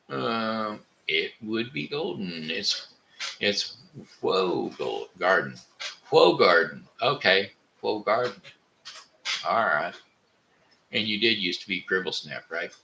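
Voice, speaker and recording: Brief: man hosting a live stream, slow and rambling, gravelly low voice. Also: lively intonation, sharp tone, slight background noise, rough recording. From Missouri, USA. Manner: rambling and halting, with many fillers and restarts. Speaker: livestream host reading chat. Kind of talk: casual live-stream chat.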